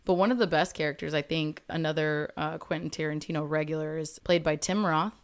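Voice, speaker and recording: A woman with a low voice, co-hosting a relaxed film chat podcast. She talks with enthusiasm and slips into quick acted-out lines from scenes. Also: clean tone. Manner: enthusiastic, acts out character lines in quick bits. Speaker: podcast co-host. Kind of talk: casual film discussion podcast.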